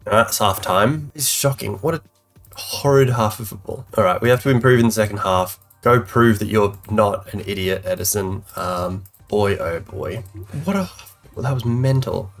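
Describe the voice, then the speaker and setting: With soft music playing behind him, a gaming YouTuber with a lowish voice and normal speed calls the plays in his football management game. His commentary is animated and exasperated as he vents frustration live.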